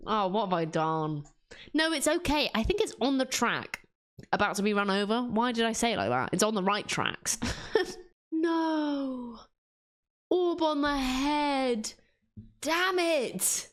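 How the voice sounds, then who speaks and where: A woman chatting casually to herself as she draws, in a self-mocking, rambling way. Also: lowish voice. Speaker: artist and video creator. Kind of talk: casual commentary while drawing.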